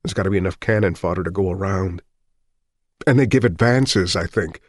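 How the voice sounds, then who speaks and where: A desperate, bitter working-class man, tense and pleading, played by a male narrator. The voice is deep and low, near the narrator's own, and pushes urgently. It is recorded dry and close. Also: brisk, a little mellow, no echo.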